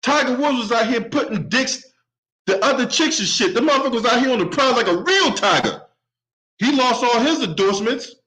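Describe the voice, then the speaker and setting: A man with a high-pitched voice rants angrily through a solo sports commentary. He swears freely and keeps pushing his point with a sharp "right?". His anger stays steady and heated all the way through. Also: a little fast, rough recording. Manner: profane, heated, repeatedly asks "right?". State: openly angry. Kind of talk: angry solo commentary rant.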